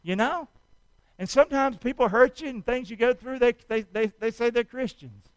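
A man preaching a sermon, asking his congregation to answer back and building up to loud, fervent cries. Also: very high-pitched, moderate pace, smooth, no echo, low-quality recording. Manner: call-and-response preaching, rising to shouts. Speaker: pastor.

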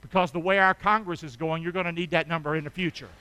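A man preaching a sermon as pastor, animated and calling on the congregation to respond, swinging from hushed intimacy to loud shouts. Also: a little high, fast, clean tone, dry recording. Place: church.

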